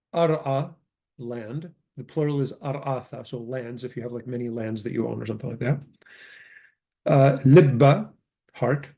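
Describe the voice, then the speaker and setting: A man from the Chaldean community teaches a grammar lesson, patiently explaining words and often stopping to correct himself. As a language teacher, he speaks in a warm, mid-range voice.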